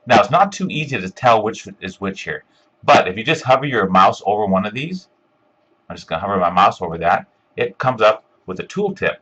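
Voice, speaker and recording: A man giving a step-by-step screencast software tutorial, talking casually with lots of ums and uhs. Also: fairly low pitch, big pitch swings, a little fast, slightly rough, muffled recording. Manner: step-by-step, filler-heavy with frequent ums and uhs. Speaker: instructor.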